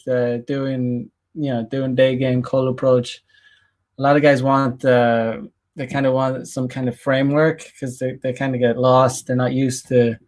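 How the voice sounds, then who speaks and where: Halting man rambling through a casual vlog. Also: medium pitch, darkish tone. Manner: halting, full of fillers and restarts. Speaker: dating coach vlogger. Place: Japan.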